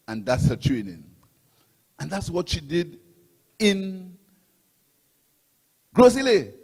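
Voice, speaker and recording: This rally's guest speaker, a middle-aged Saint Lucian man with a matching accent, delivers impassioned, repetitive oratory that surges and falls in emphasis. His voice runs on the high side, husky and darkish, with lively intonation at normal speed, heard in a large hall.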